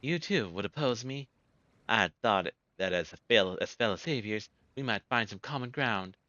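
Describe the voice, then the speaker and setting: Male actor voicing a vain self-proclaimed hero villain for a game; put-on Indian accent, grandiose and bright, dry muffled sound. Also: on the low side, animated, moderate pace, no room sound. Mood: scheming. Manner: pompous, grandiose.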